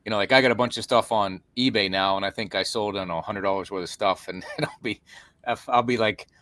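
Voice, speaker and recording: Halting low-voiced male podcast host. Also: pushed and bright, dry recording. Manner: halting, repeats words. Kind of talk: casual interview chat.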